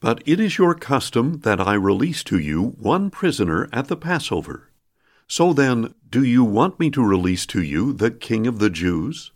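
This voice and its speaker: Man reading wary male Roman governor, questioning, measured, solemn. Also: medium pitch, big pitch swings.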